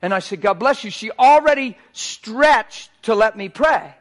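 A man preaching a sermon, animated and swinging between quiet asides and near shouts. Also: high-pitched, unhurried.

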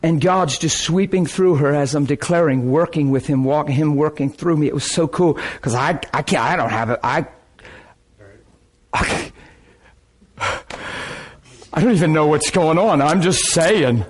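A man preaching a sermon, telling a testimony story with excitement, laughing often and repeating phrases. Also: on the high side, a little slow, pauses often.

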